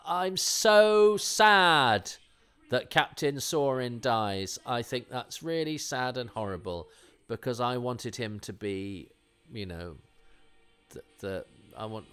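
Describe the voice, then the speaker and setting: Middle-aged male podcast host, low-pitched, chatty and rambling, restarts a lot. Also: fairly bright tone. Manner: rambling and enthusiastic, with many restarts. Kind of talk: casual conversational commentary.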